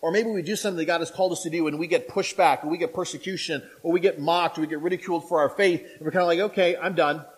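High-voiced guy pastor giving a sermon, chatty, asks the crowd questions, does little voices. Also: racing, few pauses, slightly rough, rough recording. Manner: animated, acts out quoted voices; conversational, asks the audience questions.

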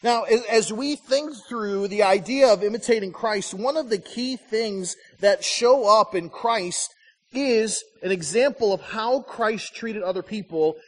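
High-voiced pastor preaching in a hall. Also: male voice, a little slow. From Michigan, USA. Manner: storytelling, acts out quoted voices. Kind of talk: conversational sermon.

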